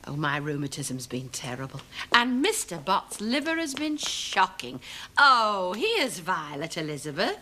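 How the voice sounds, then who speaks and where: An actress playing a fussy, genteel middle-aged hostess, gushing in an affected way. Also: female voice, fairly low pitch, very animated, measured pace, sharp tone, heavily acted. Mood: fussing.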